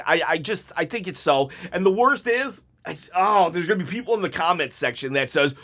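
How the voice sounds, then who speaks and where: A man with a high voice talks straight to his viewers in a heated, emotional rant. He keeps restarting his sentences as his frustration spills out. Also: expressive, fairly quick, hardly any pauses, pushed and bright. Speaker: wrestling YouTuber. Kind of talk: ranting reaction vlog.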